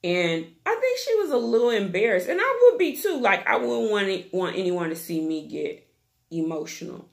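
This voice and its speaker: A woman's voice: medium pitch, sing-song, normal speed, vocal fry. A woman hosting her own channel, recapping a reality show in a chatty, gossipy, slangy way. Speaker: YouTube TV recap host. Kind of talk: casual reality-TV recap chat.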